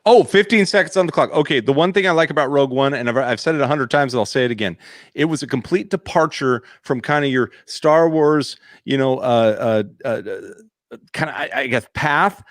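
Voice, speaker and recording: A man appearing as a guest on a live fan show, relaxed, laughing easily and sometimes searching for words. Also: medium pitch, fairly quick, no room sound, studio quality. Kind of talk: casual chat.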